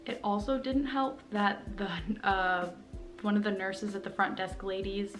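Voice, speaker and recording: Young woman, vlogger, mid-pitched, rambling candid talk to camera at home, faint music under it. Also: measured pace. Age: young adult. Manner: rambling and candid, with many fillers. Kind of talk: personal vlog talking to camera. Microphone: camera mic, talking to camera.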